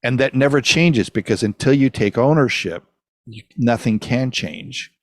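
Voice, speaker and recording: A man's voice: mid-range voice, unhurried, no room sound. A man who is a guest on an interview, explaining an idea in a confident, emphatic way. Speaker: guest, hypnotherapist. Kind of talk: conversational interview.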